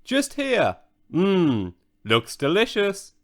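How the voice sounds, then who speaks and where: A plucky, headstrong little girl from a storybook, as a male narrator puts her on. The voice is pitched well up, with lively, bouncing intonation and an earnest, insistent push, delivered at a slow, clear pace. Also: heavily acted. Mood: determined. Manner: earnest, urgent, determined. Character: brave, stubborn little girl. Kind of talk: children's storybook reading.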